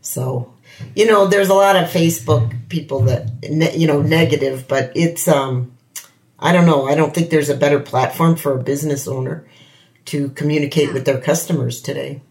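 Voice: mid-range voice, moderate pace, darkish tone. A host chatting in an easygoing, conversational way during an interview. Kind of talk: casual interview chat.

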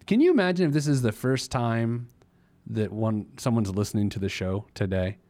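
A man's voice: mid-range voice, animated, moderate pace, warm tone. A man hosting a personal finance podcast in a casual, jokey monologue, laughing at his own silliness. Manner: playful, jokey, laughs at himself. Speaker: podcast host giving money advice.

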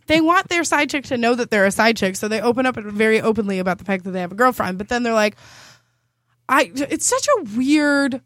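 A woman's voice: a little high, animated, brisk, fairly bright tone, dry recording, clean studio sound. A woman co-hosting a casual chat, talking freely, laughing often and quoting what others said.

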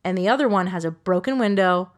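A woman's voice: fairly low pitch, fast talker. Chatty woman retelling a true crime story. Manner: chatty, animated retelling with quoted voices and self-corrections. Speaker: podcast co-host telling a true crime case. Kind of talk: casual storytelling chat.

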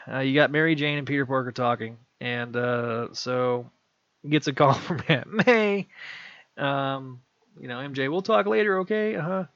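A man with a mid-range voice casually recaps a story, rambling with fillers and acting out lines. The recording is dull, lo-fi, and dry.

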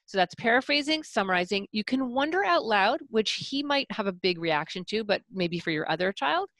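A woman's voice: mid-range voice, moderate pace, dry recording. A middle-aged woman coaching a parent, explaining techniques and acting out examples. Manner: animated, demonstrative, explains with acted examples. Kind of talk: coaching talk.

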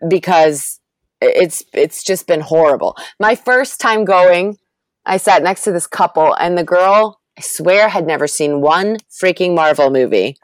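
Podcast guest, female, animated ranter, a bit low-pitched, dry mic. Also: measured pace, no room sound. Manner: animated, laughing, ranting. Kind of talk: casual chat.

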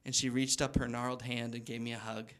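A man's voice: medium pitch, level tone, brisk, fairly bright tone, a little hiss or hum. A man in his thirties performing a stand-up comedy set, rambling through a story and acting out quotes. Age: 30s. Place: stage before a laughing audience.

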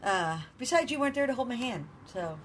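A woman's voice: on the high side, expressive, fairly quick, slight background noise. Woman podcast co-host, casual storyteller, filler-heavy chat. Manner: chatty, storytelling, lots of "like".

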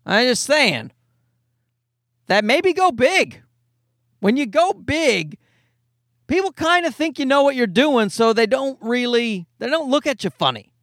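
Comedian in his forties, podcast host, lively swearing storyteller, bouncy high voice, dry close mic. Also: a little slow, pauses often, no room sound. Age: 40s. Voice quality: animated, profane storytelling. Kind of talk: casual solo podcast monologue.

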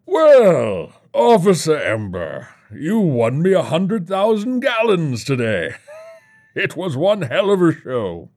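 A man playing a gloating gambler who watched a deadly fight as a show, slow and mocking. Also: a little high, huge pitch swings, a little mellow, exaggerated voice.

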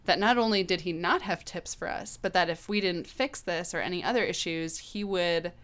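A woman in her thirties tells a personal story in a relaxed, open way, dropping casual swear words. Her voice is fairly low and sounds smooth and clean. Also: moderate pace. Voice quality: candid, animated, swears casually. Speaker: guest.

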